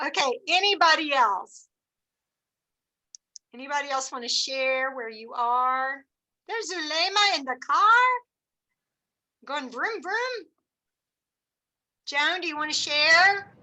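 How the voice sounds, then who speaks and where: Middle-aged woman, high voice, bright tone, animated encouraging storyteller, video call. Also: slow, pauses often, poor audio. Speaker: sales director leading a team meeting. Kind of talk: motivational team meeting talk.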